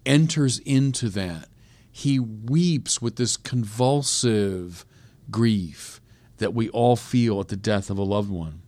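A man preaching a sermon, swinging from quiet reflection to loud emphatic peaks. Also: on the low side, no echo. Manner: reflective, with small restarts and hesitations. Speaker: priest preaching.

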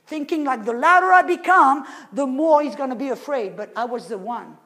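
Woman preacher with a high voice, emphatic sermon, dropping from loud to soft. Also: expressive, normal speed. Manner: emphatic, asks the audience rhetorical questions; swings between loud and very soft.

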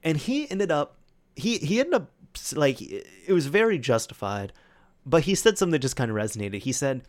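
A man hosting a solo podcast, casually telling a story with lots of restarts and animated retold dialogue. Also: on the high side, normal speed. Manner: rambling, with many restarts and fillers; quotes friends in animated retellings. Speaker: podcast host.

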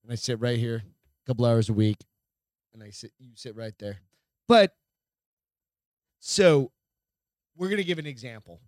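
A man's voice: mid-range voice, no echo, clean studio sound. A man co-hosting a casual podcast with his wife, self-mocking, swearing and rambling. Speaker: podcast co-host. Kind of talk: casual chat.

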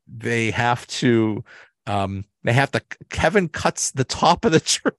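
A man's voice: medium pitch, no room sound, clean studio sound. A man hosting a solo podcast, recapping episodes in a rambling, casual way with restarts and laughs. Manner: rambling, many restarts and fillers, laughs often. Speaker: podcast host.

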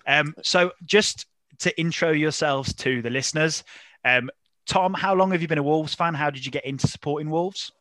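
A man hosts a casual football chat show in a bright, forward voice. He jokes and teases the guests, laughing easily, recorded close and dry with no room sound. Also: fairly high pitch, moderate pace, dry recording. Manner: joking, teasing, laughs often. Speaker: podcast host.

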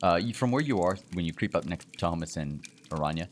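A man narrating as game master, relaxed and descriptive with casual fillers. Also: low voice, quick pace. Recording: faint background noise.

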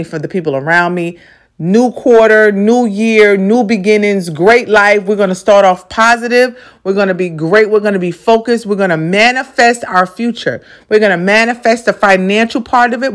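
A woman hosting a podcast, giving a motivational monologue in an emphatic, repetitive, profane, preacherly way. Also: mid-range voice. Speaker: podcast host.

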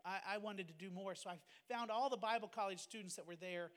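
A man's voice: sits high, brisk, a bit bright, in a large hall. A man, a pastor and missionary, earnestly telling a personal testimony in a fervent, emotional way. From United States.

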